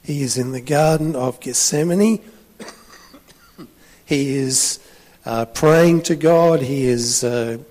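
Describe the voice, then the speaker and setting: A man's voice: medium pitch, slow, long pauses, a little mellow, long reverb tail. A man preaching a sermon, telling a story in a chatty way with frequent restarts.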